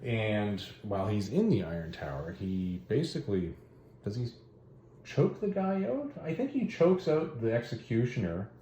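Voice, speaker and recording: A man's voice: fairly low pitch, normal speed, a little hiss or hum. A man hosting, giving a rambling, joking recap of a story in a casual way. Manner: rambling, joking, animated retelling. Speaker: host reviewing stories and comics. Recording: roomy echo.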